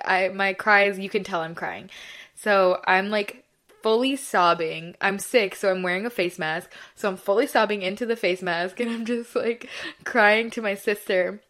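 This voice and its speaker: A woman's voice: mid-range voice, fairly bright tone. A young woman hosting her own podcast, talking in a casual, effusive way with lots of "like" and "you know" fillers. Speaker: podcast host. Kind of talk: casual solo podcast chat.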